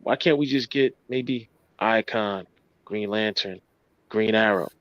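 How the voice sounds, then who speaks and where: A man's voice: on the low side, slow pace, no echo. Man co-host, slightly dull lo-fi sound. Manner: animated, says "you know" and "like" a lot. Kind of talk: casual chat.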